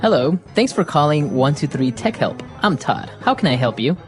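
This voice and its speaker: Woman playing a calm, low-voiced tech support man. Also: moderate pace, faint music behind. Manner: patient, reassuring, explanatory. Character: calm polite male tech support agent. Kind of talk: scripted dialogue for English learners.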